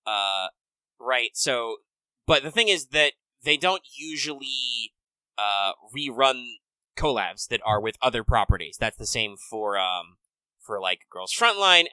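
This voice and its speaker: A man co-hosting a podcast, talking in a relaxed, casual way with many fillers. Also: mid-range voice, smooth, dry recording, poor audio. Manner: relaxed, filler-heavy gamer talk. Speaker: podcast co-host. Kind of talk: casual chat.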